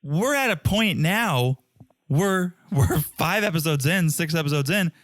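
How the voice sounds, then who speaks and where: Animated sarcastic man, podcast co-host. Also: measured pace, no echo, studio quality. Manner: animated, sarcastic, mimics people with big pitch jumps. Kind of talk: casual recap chat.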